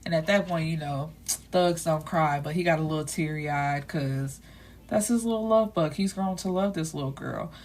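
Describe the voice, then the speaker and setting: Lower-voiced woman gossiping through a book plot. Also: normal speed, darkish tone. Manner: candid, with blunt salty asides; chatty, leaning on "you know" and "like". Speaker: book reviewer. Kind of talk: casual book recap.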